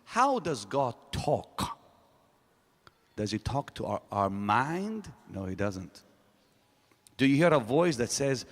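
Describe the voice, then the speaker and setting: Emphatic preacher in a big hall. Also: male voice, medium pitch, very animated, slow, long pauses. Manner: emphatic preaching with sudden rises and drops. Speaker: pastor. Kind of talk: sermon. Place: large hall.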